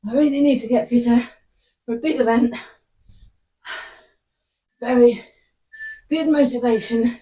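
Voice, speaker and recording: A woman's voice: on the high side, fairly even intonation, a little slow, pauses often, mellow. Breathless woman coaching a workout. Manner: encouraging, short panting cues. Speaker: fitness instructor. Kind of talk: workout follow-along coaching. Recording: voice picked up from a distance.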